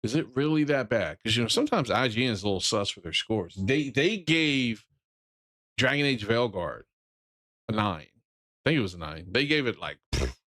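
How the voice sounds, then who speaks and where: A man's voice: medium pitch, big pitch swings, normal speed, fairly bright tone, no room sound. Blunt rambling gaming streamer, man. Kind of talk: casual reaction stream.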